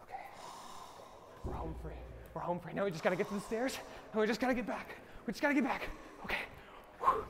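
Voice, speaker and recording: Male co-host, very high, bouncy, excitable, crowd noise behind. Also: fast, pauses often. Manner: excitable, yelping, laughing outbursts. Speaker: podcast co-host and gamer. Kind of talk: excited comedic gameplay chat.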